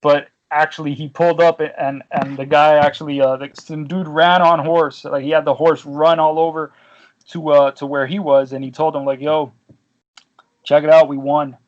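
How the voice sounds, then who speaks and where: A man's voice: on the high side, flat delivery, moderate pace, dull audio. A man hosting a casual podcast chat, telling rambling stories full of slang and swearing. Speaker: podcast host.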